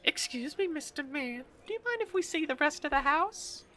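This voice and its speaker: A man's voice: animated, moderate pace, pushed and bright, heavily acted. Man doing a flirty giggly party lady. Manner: coquettish, high-pitched and breathy.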